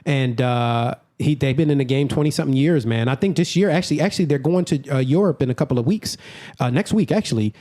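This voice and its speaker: A middle-aged man, a comedian guest on a podcast, telling stories in a joking, animated way. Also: medium pitch, fast talker. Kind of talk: casual podcast chat.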